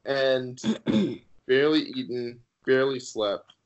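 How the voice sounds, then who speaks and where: A man guest on a podcast sharing his personal faith testimony in an earnest, halting way with many fillers. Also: medium pitch, lo-fi sound.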